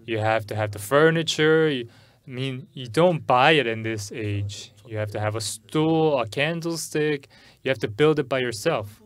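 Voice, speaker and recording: This middle-aged pastor, speaking in a mid-range voice, delivers an English sermon at a church service. He recounts a personal story with hesitation, frequently repeating and restarting his words.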